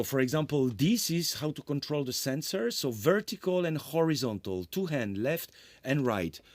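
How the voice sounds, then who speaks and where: A middle-aged man, a composer giving a conference lecture on his work, rambling and correcting himself with apologetic asides. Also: mid-range voice. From France.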